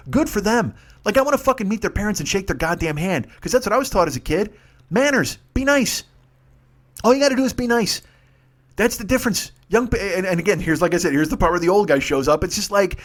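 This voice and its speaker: A man in his fifties talks fast and rambles through a profane comic monologue, swearing freely. His voice sits high for a man and swings widely in pitch. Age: 50s. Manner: rambling, swearing, animated storytelling. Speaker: podcast host.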